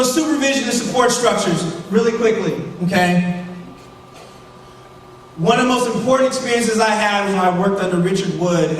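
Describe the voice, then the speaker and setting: A man giving an impassioned convocation speech, fervent and shouting for emphasis, in a large auditorium. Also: sits high. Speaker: keynote speaker. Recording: echoey hall, speaker far from mic, faint hum.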